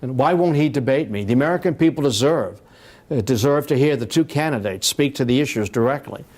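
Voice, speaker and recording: A man's voice: medium pitch, lively intonation, a little fast, darkish tone, close to an everyday voice. A man voicing a presidential candidate who mockingly demands that his rival debate him. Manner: mocking, indignant. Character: indignant male presidential candidate challenging rival.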